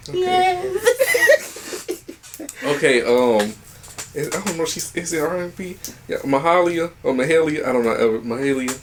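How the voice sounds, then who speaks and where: A young man in a casual podcast chat, with a voice of ordinary middle pitch. He talks playfully and loosely, acting out little quoted lines as he retells what songs are about. A faint noise floor hums behind him. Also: brisk. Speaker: podcast co-host.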